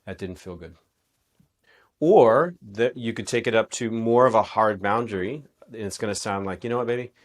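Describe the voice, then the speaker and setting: A man's voice: fairly low pitch, normal speed. A man in an interview, talking casually and animatedly as a relationship coach, acting out quoted exchanges as he explains.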